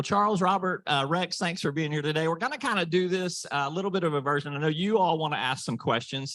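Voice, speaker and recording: A man's voice: fairly high pitch, vocal fry, a bit bright, no echo. A man leads a panel in a meeting room. He tells stories in a loose, folksy way full of fillers. The sound is dry and close. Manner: folksy storyteller with many fillers. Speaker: panel moderator. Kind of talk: casual anecdote and moderating.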